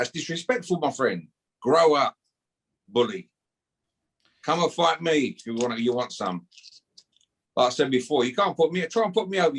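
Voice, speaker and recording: A man's voice: fairly high pitch, slightly rough. A man, calling out a rival in brash, swearing casual talk and ending lines with a taunting "yeah?". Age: 50s. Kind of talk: heated casual callout.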